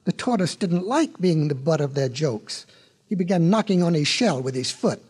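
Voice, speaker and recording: A man's voice: on the high side, expressive, normal speed, a little mellow, slightly rough. A man narrating a storybook record in a folksy way, with chatty asides to the listener.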